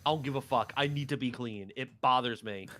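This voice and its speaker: A man's voice: mid-range voice, a little fast, fairly bright tone, slight background noise. A middle-aged male streamer chatting casually, rambling between fits of laughter. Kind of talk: casual chat.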